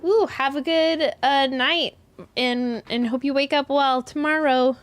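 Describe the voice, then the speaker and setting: A woman hosting a live stream, hoarse as her lost voice slowly returns, who giggles often and clears her throat now and then while chatting casually with viewers. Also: sits high, fairly even intonation, no room sound. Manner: giggly, breaks into laughter often. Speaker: yarn shop live stream host.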